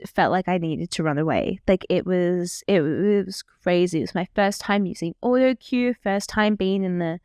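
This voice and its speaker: A woman's voice: lowish voice, normal speed, hardly any pauses, a little mellow, clean tone, no echo, clean studio sound. Chatty self-deprecating young woman vlogger. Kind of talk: casual reaction chat.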